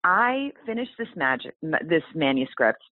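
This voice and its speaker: Woman guest, low voice with big swings, animated storyteller; dry, phone-quality audio. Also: moderate pace, dry recording. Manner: animated, exclaiming, acts out quoted voices. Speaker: guest author. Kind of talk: storytelling in a podcast interview. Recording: tinny phone-like line.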